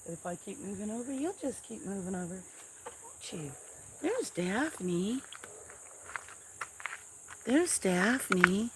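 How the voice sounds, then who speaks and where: A woman hosting a casual farm livestream, softly chatting and cooing baby talk to cats, sometimes dropping to a whisper, on a camera mic. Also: medium pitch, animated, slow, pauses often, a little hiss or hum. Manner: soft-spoken, drifts into whispers.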